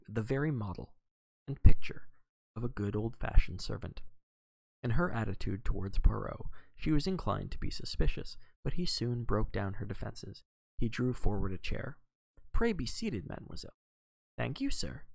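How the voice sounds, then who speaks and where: A man reading a novel aloud on a live stream in an expressive way, with occasional slips and self-corrections. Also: fairly low pitch, moderate pace, creaky, dry recording, low-quality recording. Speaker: reader.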